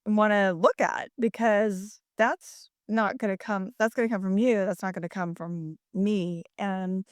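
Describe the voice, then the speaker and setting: A woman's voice: medium pitch, steady tone, measured pace, no room sound. Chatty woman telling a story, dry sound. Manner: chatty storyteller, many fillers and laughs. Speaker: podcast co-host. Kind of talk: casual chat.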